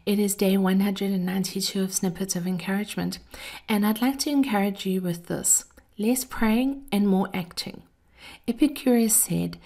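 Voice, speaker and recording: A woman hosting a scripted motivational talk, speaking in a measured, earnest way and addressing listeners fondly. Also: medium pitch, mellow. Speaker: host.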